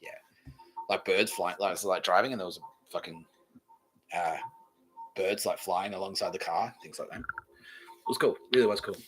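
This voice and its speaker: A man's voice: deep voice, brisk, long pauses, fairly bright tone, poor audio. An Australian man hosting a podcast, rambling casually and swearing freely. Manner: swears freely, loose and laughing. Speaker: podcast host.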